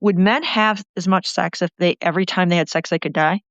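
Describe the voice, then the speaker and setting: A woman's fairly low, steady voice moves a little fast through a passionate political ramble that keeps going. Recorded with no room sound, it has a dull lo-fi character.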